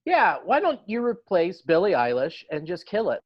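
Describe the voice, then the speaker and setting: A man appearing as a guest comedian on a podcast, firing off quick, deadpan one-liners. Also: high voice, muffled recording.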